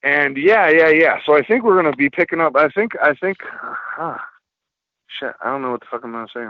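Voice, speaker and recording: A man chatting casually on a podcast as a film distributor guest, rambling and swearing a lot as he tells animated stories. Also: fairly high pitch, brisk, no echo. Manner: profane, rambling, animated storytelling. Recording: muffled lo-fi podcast audio.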